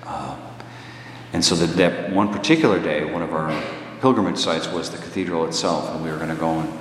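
Low-voiced guy telling a story in a sermon, chatty, big echoey hall with long reverb. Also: fairly quick, slight background noise. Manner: conversational storyteller, rising in pitch when emphatic. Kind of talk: preaching story and reflection.

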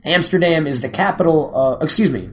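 A man's voice: a little high, fairly quick. A man hosting a podcast, chatting casually with a crude, joking, rambling manner. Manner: profane, joking, rambling with restarts. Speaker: podcast host.

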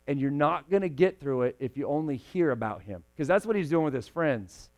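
A young man preaching a sermon to a room, moving between loud, emphatic lines and quiet, hushed ones. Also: on the high side, expressive, fairly quick, hardly any pauses.

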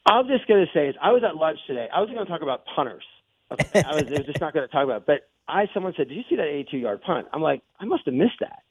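Gravelly excitable man on sports radio. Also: on the high side, racing, dry recording. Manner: excitable, rambling. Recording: tinny phone-like broadcast audio.

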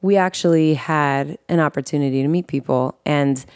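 A low-pitched woman with a darkish, clear and resonant voice tells her life story candidly as a guest host on a podcast. She speaks earnestly and emotionally, with quick self-corrections and restarts, in clean studio sound without room noise.

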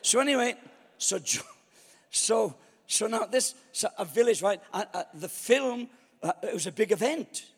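A man's voice: high voice, expressive, normal speed, husky, long reverb tail. A man preaching a storytelling sermon, acting out his own past thoughts.

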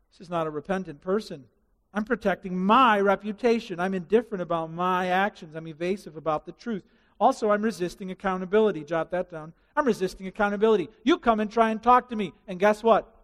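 A male pastor preaching a sermon in an animated way, acting out quotes and everyday scenarios. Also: high-pitched, a little fast, in a large hall.

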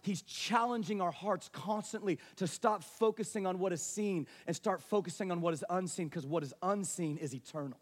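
A man preaching a passionate sermon, shifting between hushed, quiet moments and raised, urgent delivery. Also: high-pitched, normal speed, hardly any pauses. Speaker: pastor. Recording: reverberant hall.

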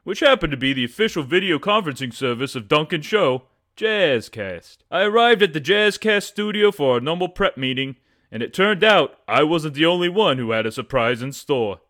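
A man's voice: fairly high pitch, expressive, moderate pace, fairly bright tone. A man with a put-on New Jersey accent, reading a comic story aloud in a dramatic storytelling manner.

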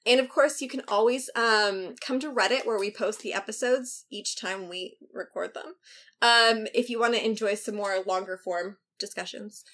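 A woman hosting a casual podcast chat, relaxed and hesitant, with frequent ums. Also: mid-range voice, moderate pace. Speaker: podcast host.

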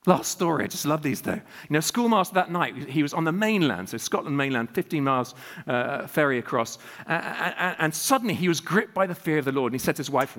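A man preaching with animated, emphatic storytelling, his voice sitting a little high for a man. He fires off rhetorical questions to the congregation. A long reverb trails each phrase through the large hall. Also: fairly quick. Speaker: guest preacher. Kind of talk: sermon.

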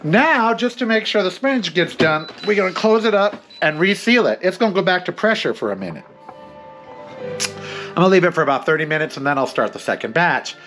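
A man's voice: high voice, animated, fairly quick, a bit bright, soft background music. A man hosting a cooking vlog, chatting casually in a campy, sassy way with theatrical asides while he works in his home kitchen.

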